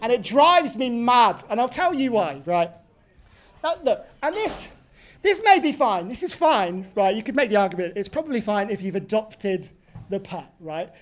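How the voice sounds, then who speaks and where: A woman's voice: a little high, sing-song, normal speed. Ranting woman comedian in her twenties. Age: 20s. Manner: swearing, ranting, tag questions. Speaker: stand-up comedian. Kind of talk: stand-up comedy set. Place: pub venue.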